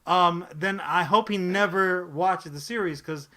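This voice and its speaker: A man co-hosting a casual pop-culture podcast, animated and profane, rambling with frequent restarts. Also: sits high, unhurried. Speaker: podcast co-host.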